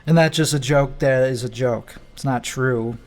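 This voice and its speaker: A man's voice: medium pitch, normal speed, heavy background noise. A comedian, a man, casually talking over his own stand-up recordings in a rambling, offhand way. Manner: rambling and offhand, with trailing restarts.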